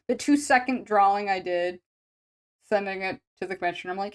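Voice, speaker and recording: A woman's voice: mid-range voice, a little fast. Rambling, self-deprecating woman streamer. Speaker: artist streaming sketch commissions. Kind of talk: casual chat while drawing on stream.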